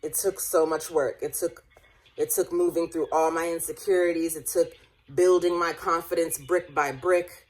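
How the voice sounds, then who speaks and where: This late-twenties vlogger talks into the camera at a moderate pace, her slightly low voice fairly even in intonation, with faint music behind her. Her personal talk is loose and rambling, full of restarted sentences and laughs, and now and then she sounds close to crying.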